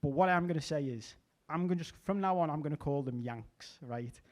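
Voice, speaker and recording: A man's voice: on the high side, fairly quick. Liverpudlian man doing stand-up. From England. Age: middle-aged. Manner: chatty, deadpan asides, repeats words when restarting. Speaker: stand-up comedian. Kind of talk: stand-up comedy set.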